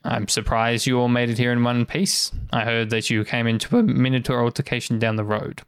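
A man voicing a proud old male chief who speaks slowly and formally. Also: mid-range voice, flat delivery, clean tone, no room sound, close to an everyday voice. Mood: welcoming.

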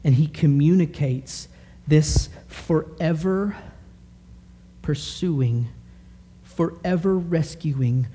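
A man in his thirties preaching a sermon in an animated, conversational way, full of rhetorical questions. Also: a little high, slight background noise. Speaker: pastor.

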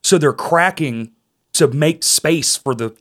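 A man's voice: fairly high pitch, takes it slowly, a bit bright. A man in his late thirties in casual podcast chat, swearing freely and mocking himself, often restarting his sentences. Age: late 30s. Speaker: podcast co-host.

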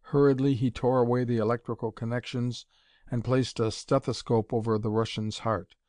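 Male audiobook narrator; steady, even reading, dry sound. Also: medium pitch, normal speed, dry recording. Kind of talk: scripted narration.

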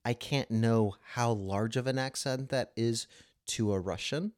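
A man's voice: mid-range voice, unhurried, darkish tone, dry recording, studio quality. A man co-hosting a casual podcast, talking in a rambling way with restarts and the odd laugh. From United States. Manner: rambling, frequent restarts, laughs while telling anecdotes. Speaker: podcast co-host. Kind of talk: casual conversation.

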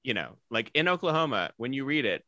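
A co-host in casual chat, animated and quick to laugh loudly. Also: medium pitch, no room sound, studio quality. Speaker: podcast co-host.

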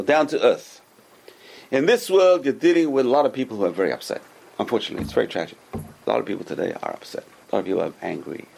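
A rabbi teaching a Torah class, talking at a fast clip in a husky, gravelly voice. His pitch swings widely as he repeats his points and answers his own rhetorical questions. The man's delivery stays animated and insistent throughout.

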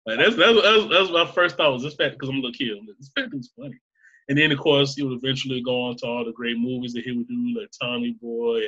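A man's voice: medium pitch, quick pace, few pauses, pushed and bright, highs cut off. A man chatting casually as co-host, cursing freely, laughing often and acting out movie lines. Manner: profane, laughs a lot, acts out movie quotes. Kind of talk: casual chat.

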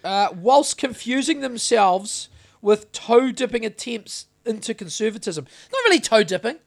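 A man's voice: high-pitched, animated, unhurried, gravelly. A man co-hosting a podcast, ranting bluntly and swearing constantly in casual chat. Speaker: podcast co-host.

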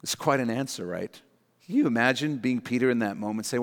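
A man's voice: medium pitch, a little fast, long reverb tail. A man preaching a sermon as pastor, earnest and emphatic, repeating his key lines for the congregation.

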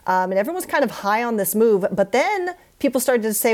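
A woman's voice: a little high, brisk. A woman co-hosting a podcast, running the news segment with puns and self-mocking asides in casual chat. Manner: punning, self-mocking, lively.

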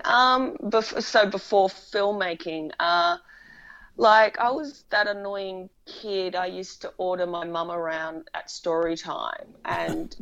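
Woman, film director, chatty storyteller, fairly low voice, dull lo-fi sound. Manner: chatty, animated storytelling with laughs. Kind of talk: casual interview conversation.

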